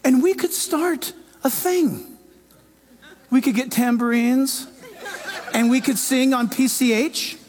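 A man pastor preaching a sermon in an animated way, acting out quoted voices. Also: extremely high pitch, takes it slowly, long pauses.

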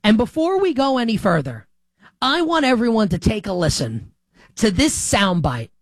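A man hosting a sports opinion show, talking in an animated, sarcastic way. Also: high voice, moderate pace, no room sound. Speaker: sports talk host.

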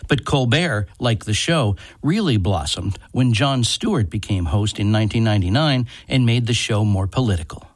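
A man hosting a radio program as a TV critic, reading a scripted segment in a measured, even way. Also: fairly low pitch, no echo, studio quality. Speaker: TV critic and radio show host. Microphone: studio microphone.

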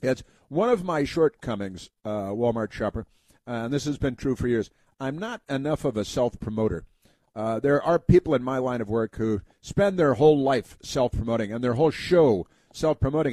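A man's voice: medium pitch, animated, fairly quick, darkish tone, no echo. Wry, rambling male radio host. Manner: rambling, wry and self-mocking. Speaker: radio talk show host. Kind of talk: casual call-in radio talk.

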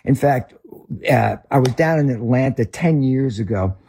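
Husky Northern US man telling stories. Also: medium pitch, animated, moderate pace, warm tone. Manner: rambling with restarts. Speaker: ministry leader guest. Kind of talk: conversational storytelling.

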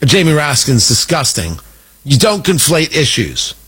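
A man's voice: medium pitch, sing-song, a little slow, a bit bright, husky, poor audio. A man hosting an opinion show, talking in an indignant, combative, mocking way. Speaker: political commentator host. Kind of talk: opinion monologue.

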